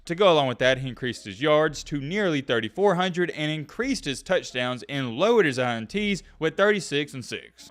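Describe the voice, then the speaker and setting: A man's voice: on the high side, a bit bright. A man talking straight to his viewers in an opinionated sports commentary vlog, emphatic and direct. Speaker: sports YouTuber.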